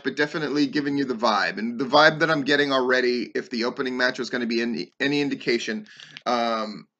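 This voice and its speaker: A man's voice: medium pitch, sharp tone. A middle-aged man hosting a podcast, reviewing a wrestling show in a loose, rambling way, full of swearing and ums. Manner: rambling, profane, frequent ums. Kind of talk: casual spoken review.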